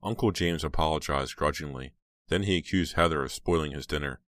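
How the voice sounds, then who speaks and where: A man reads a horror audiobook in a measured, dramatic way. His voice is extremely low and sits close and dry. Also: fairly bright tone, dry recording. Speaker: audiobook narrator. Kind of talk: scripted narration.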